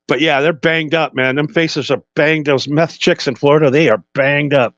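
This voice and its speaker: A man co-hosting a casual podcast, crude and quick to laugh. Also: on the high side, fairly even intonation, a bit bright, dry recording. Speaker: podcast co-host. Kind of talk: casual chat. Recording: dull, dry recording.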